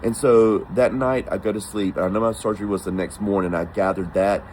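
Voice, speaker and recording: A man's voice: on the low side, fairly quick, slight background noise, low-quality recording. A man telling a personal travel story casually and with animation, acting out the voices of the people in it. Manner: animated, acts out quoted voices.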